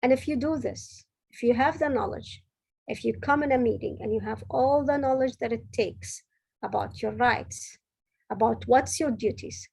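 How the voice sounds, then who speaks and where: A woman's voice: a little high, normal speed, gravelly, a little mellow, husky, rough recording. A middle-aged woman, a senior director, giving an earnest, direct motivational talk with advice for women at work, often correcting herself mid-sentence. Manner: earnest, direct, advising with frequent self-corrections.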